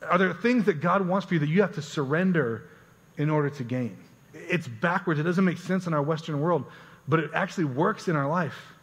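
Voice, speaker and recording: A man's voice: fairly high pitch, fairly quick, breathy edge. A man preaching a sermon as pastor, earnest and conversational, often repeating words as he goes. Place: church sanctuary. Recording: church hall reverb.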